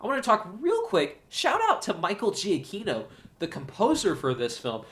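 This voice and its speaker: A man hosting his own show, giving an excited, gushing solo movie review. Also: high voice, moderate pace. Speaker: show host, film reviewer.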